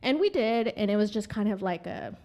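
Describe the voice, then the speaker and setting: Young woman guest on a podcast, chatty and animated, laughs a lot, does the voices of people in her story. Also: mid-range voice, brisk. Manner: animated, laughs often, acts out quotes. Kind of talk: casual storytelling chat.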